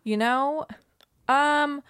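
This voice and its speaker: A young woman from Europe speaking at an ordinary pitch, rambling through her stories with lots of fillers. The sound is dry and close, with no room around it. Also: extremely slow, fairly bright tone, dry recording. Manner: chatty, rambling with many 'like's. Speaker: podcast co-host. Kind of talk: casual chat.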